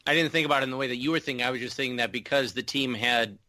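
Bright-voiced man in casual sports chat. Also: medium pitch, very fast, no room sound. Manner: rambling, animated, many restarts and filler words. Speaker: podcast co-host.

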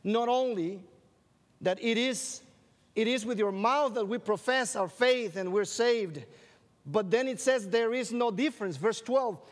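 A man's voice: sits high, unhurried. A man preaching a sermon to an audience, drawing out scripture phrases for emphasis and tossing in questions and jokes. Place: large hall with an audience. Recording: long reverb of a large hall.

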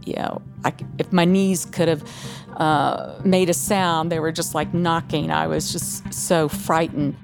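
Low-pitched lady remembering stuff, pauses a lot, bit of music underneath. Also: flat delivery, gravelly. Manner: halting, hesitant recollection. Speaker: interviewee. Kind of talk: recounting a memory in an interview.

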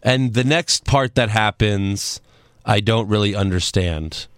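A man's voice: on the low side, measured pace, dry recording. A man talking casually with a co-host, recapping events in a laid-back, matter-of-fact voice. The sound is dry and close, with no room around it. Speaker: podcast co-host recapping wrestling. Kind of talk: casual chat.

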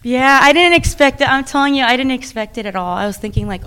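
Woman wrestler, interview guest: chatty, animated, frequent restarts and laughs. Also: high voice, quick pace, clear, resonant tone. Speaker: professional wrestler. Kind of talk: interview conversation.

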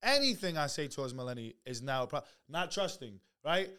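A man's voice: mid-range voice, very animated, a little fast, hardly any pauses, pushed and bright, clear, resonant tone. A man co-hosting a podcast, arguing heatedly with his partner, pressing his point with repeated rhetorical questions and some swearing. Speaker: podcast co-host. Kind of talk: heated casual debate.

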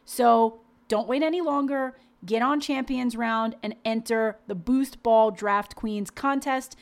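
A woman in casual podcast chat, with a slightly high voice. She sounds bubbly and talkative, with fast bursts and frequent fillers. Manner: bubbly, chatty, lots of "like". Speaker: podcast co-host. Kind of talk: casual chat and read sponsor spot.

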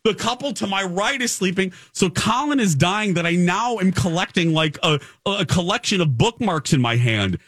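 A man hosting a radio talk show, telling a comic story in an animated, exasperated way with many restarts. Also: high-pitched, normal speed, hardly any pauses, dry recording.

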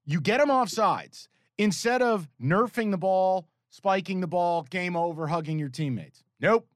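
Guy venting about a bad beat, cursing a lot, kinda high voice, dry close mic. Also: lively intonation, measured pace, no echo. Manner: profane, exasperated storytelling. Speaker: podcast co-host. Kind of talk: casual sports betting chat.

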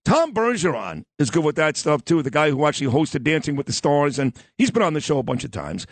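Man, Brooklyn accent, radio host, slightly high voice, dry close studio mic. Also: big pitch swings, fairly quick, no echo. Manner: joking, self-mocking, loud. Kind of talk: casual radio banter. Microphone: studio microphone.

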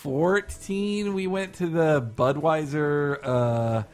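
Man, slightly high voice, halting and hesitant, casual podcast chat. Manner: hesitant, many fillers and restarts. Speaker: podcast co-host.

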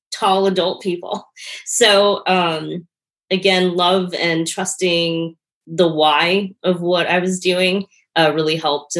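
A woman's voice: deep voice, a bit bright. A woman guest in an interview, talking earnestly and reflectively about her work and teaching, often with a light laugh. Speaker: interview guest, performance artist and yoga teacher. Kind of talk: casual interview conversation.

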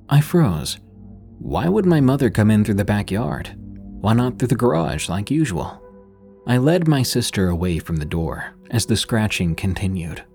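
A man reading horror stories in a measured, grave scripted narration, slowing for dramatic pauses. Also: fairly low pitch, a little mellow.

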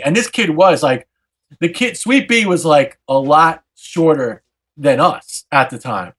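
A man hosting a podcast, telling a wild story in a casual, animated way, swearing freely and acting out every character. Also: fairly high pitch, moderate pace, breathy edge. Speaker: podcast host.

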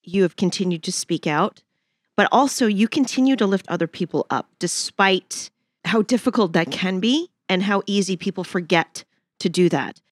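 A woman hosting an interview, affirming her guest and asking warm, encouraging questions. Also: mid-range voice, moderate pace, dry recording, clean studio sound. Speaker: host. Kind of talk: interview conversation.

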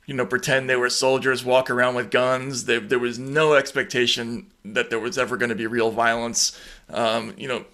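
Flat-voiced bright male host. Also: medium pitch, normal speed. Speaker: podcast host. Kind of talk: casual political discussion.

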